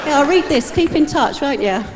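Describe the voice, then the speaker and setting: Female stand-up comic, wry storyteller, a bit high, faint noise behind. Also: animated, a little fast, crowd noise. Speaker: comedian. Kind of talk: stand-up routine. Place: live comedy stage. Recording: live hall reverb.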